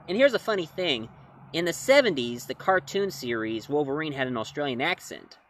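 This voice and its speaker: A man's voice: on the high side, sing-song, normal speed, a bit bright, a little hiss or hum. A man reviewing comics and films in a casual talk to camera, rambling and correcting himself as he goes. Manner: rambling, self-correcting, chuckling.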